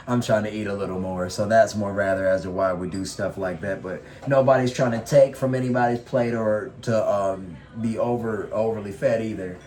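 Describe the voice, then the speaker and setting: A man's voice: on the low side, a little mellow. A man co-hosting a home snack vlog, chatting casually and rambling, often repeating "like I said". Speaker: vlogger co-host. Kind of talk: casual chat while eating. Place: home, indoors. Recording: echoey room.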